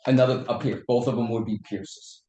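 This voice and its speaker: A man, a fire chief, making a budget case at a town meeting, earnest and hoarse, explaining at length with small restarts. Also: medium pitch, steady tone, brisk, dark tone, slight background noise. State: hoarse, losing his voice. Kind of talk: public meeting testimony. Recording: echoey meeting room.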